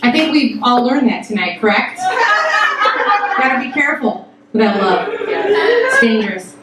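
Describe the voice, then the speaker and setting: High-voiced woman telling a profane tale. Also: normal speed, very noisy. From Toledo, Ohio. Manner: profane, animated, acts out quotes. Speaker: storyteller. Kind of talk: live comic storytelling. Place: stage before a live audience. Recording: echoey hall, mic at a distance.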